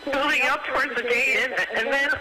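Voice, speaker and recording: A woman on the verge of crying, speaking haltingly and repeating herself as a caller on a radio show. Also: sits high, steady tone, poor audio. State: tearful, near crying. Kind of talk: emotional phone confession. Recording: radio broadcast with loud noise.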